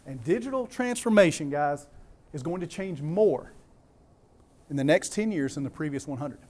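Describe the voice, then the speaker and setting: A man's voice: on the high side, expressive, moderate pace, a little mellow. A man with a Southern US accent giving a keynote talk to a live audience, emphatic, repeating key words and putting questions to the crowd. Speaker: conference speaker.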